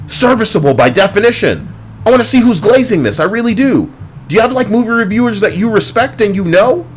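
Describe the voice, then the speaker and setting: Animated, profane ranting man. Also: sits high, slight background noise. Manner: profane, heated, sarcastic. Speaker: movie reviewer. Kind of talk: ranting movie review.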